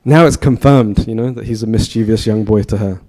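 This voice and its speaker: A man's voice: on the low side, a little fast, mellow. A man in his thirties giving a storytelling sermon, chatty and asking his listeners questions. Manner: chatty, asks the audience questions. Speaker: speaker giving a temple talk.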